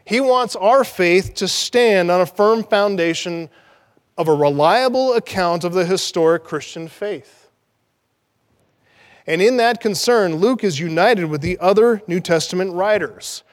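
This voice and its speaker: A man's voice: sits high, a little slow, in a large hall. A man preaching a sermon, emphatic, repeating key words to drive them home. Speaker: pastor.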